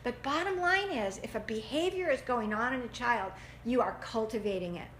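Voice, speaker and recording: A woman gives an animated parenting talk to a class, acting out the people she quotes. Her voice sits a little higher than most women's. The room is echoey, with a faint hum of ambience behind her. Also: normal speed. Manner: animated, acts out quotes in voices, laughs often. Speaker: parenting teacher.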